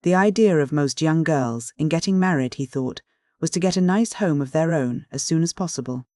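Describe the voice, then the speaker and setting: An audiobook reader narrating a classic novel in a measured, even manner. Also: medium pitch, no room sound.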